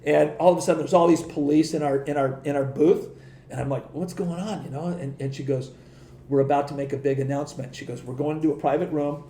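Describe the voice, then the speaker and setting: Middle-aged guy spinning stories, lively, laughs a lot, mellow voice, echoey room. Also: on the high side, a little fast, slight background noise. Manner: animated, laughs often, acts out quoted voices. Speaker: podcast guest. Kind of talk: casual storytelling.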